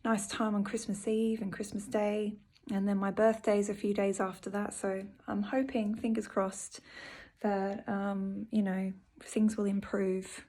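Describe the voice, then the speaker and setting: A woman talks to her viewers from home in an earnest, heartfelt way, softly and with many pauses and fillers. Her pitch sits in the middle and stays level, with little rise or fall. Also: flat delivery. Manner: soft, earnest and emotional, with frequent fillers. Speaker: vlogger. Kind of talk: personal video update.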